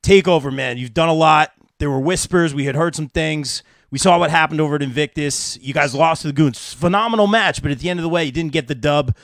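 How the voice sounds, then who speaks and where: Male podcast host, fairly high voice, excitable, dry sound. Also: fairly quick, few pauses, dry recording. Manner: excitable, reads out chat comments. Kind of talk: live podcast interview.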